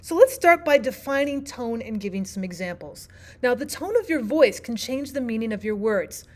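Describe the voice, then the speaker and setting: Speaking at normal speed, a woman who teaches language arts walks through a literature lesson in a steady, classroom way. Her voice is slightly high, and she lays out each point clearly while repeatedly asking the listener questions.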